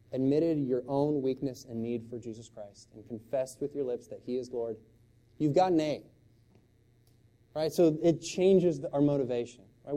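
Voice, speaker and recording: A middle-aged man preaching a sermon as pastor, shifting from loud, impassioned exclamations to quiet, hushed storytelling. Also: mid-range voice.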